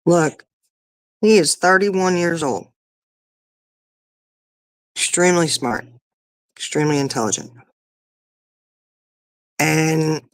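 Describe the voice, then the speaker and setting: As a podcast guest or co-host, a woman in her fifties chats in a relaxed way, wandering through stories about her kids. Her voice is low and the recording is dry.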